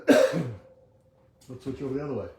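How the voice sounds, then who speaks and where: An older man leading a motivational talk from his home kitchen, repeating affirmations slowly and letting them trail off softly. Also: medium pitch, reverberant, very noisy. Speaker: chiropractor leading a weekly motivational march. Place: home kitchen with a bay window.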